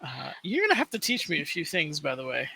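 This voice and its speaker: A man's voice: a little high, sing-song, quick pace, gravelly, pushed and bright, breathy edge. A man playing a tabletop role-playing game, switching between narrating his character and speaking in character, laughing often. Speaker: player.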